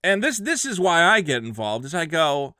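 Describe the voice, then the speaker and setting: Casting: a man as a sarcastic YouTube commentator, bright, crisp voice. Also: a little high, moderate pace, no echo, studio quality. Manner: sarcastic, emphatic, animated. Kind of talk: opinionated commentary.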